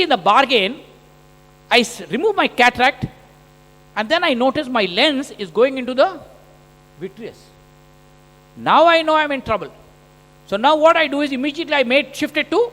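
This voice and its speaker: A man with an unusually high, bright voice lectures from a conference stage, animated and joking as he narrates a surgery in the first person. His voice carries a long hall reverb through the stage microphone. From India. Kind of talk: conference lecture over surgical video.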